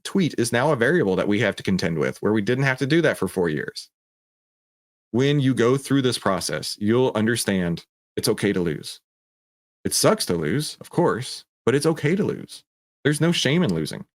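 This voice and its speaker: A man hosting a casual livestream, talking in an animated, digressive way and often interrupting himself. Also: medium pitch, normal speed, no echo, clean studio sound. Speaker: host.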